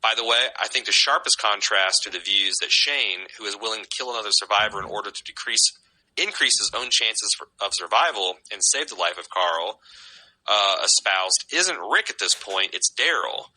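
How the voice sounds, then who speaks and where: A man's voice: lowish voice, lively intonation, normal speed, bright, forceful tone, low-quality recording. A man co-hosting a podcast in casual chat, giving strong opinions and reading out listener comments. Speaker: podcast co-host.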